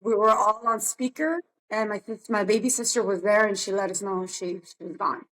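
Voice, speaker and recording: A woman's voice: mid-range voice, moderate pace, fairly bright tone. Woman co-host, reflective and subdued. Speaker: podcast co-host. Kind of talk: casual podcast chat.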